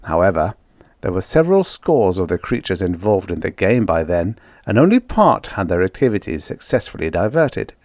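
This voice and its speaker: A man narrating a vintage science fiction story in a lively storytelling manner. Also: deep voice, normal speed, no echo, studio quality. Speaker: audiobook narrator. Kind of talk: scripted narration.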